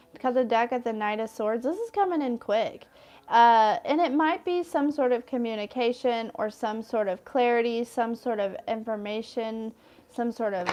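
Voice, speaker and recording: A woman's voice: on the high side, a little mellow, slight background noise. A woman in her thirties giving a casual tarot card reading, chatty and rambling with lots of fillers. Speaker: tarot reader.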